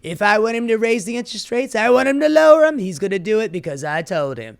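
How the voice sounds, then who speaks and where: A woman's voice: medium pitch, animated, fast, clean tone, pitched above the performer's own voice, natural voice. A woman doing a brash bragging old politician. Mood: boastful. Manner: bragging and emphatic. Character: boastful older male politician, brash.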